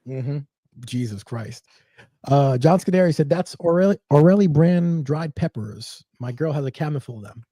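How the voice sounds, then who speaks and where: A man's voice: on the high side, expressive, moderate pace, warm tone, no echo, studio quality. A man hosting a casual chat, reading viewer comments aloud and adding short reactions. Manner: reads comments out, then adds short reactions.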